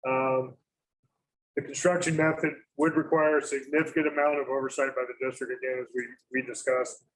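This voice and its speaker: A man's voice: medium pitch, flat delivery, low-quality recording. Man, meeting presenter; hesitant delivery, lots of fillers and restarts, light background hiss. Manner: halting, many fillers and self-corrections. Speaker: school district facilities presenter.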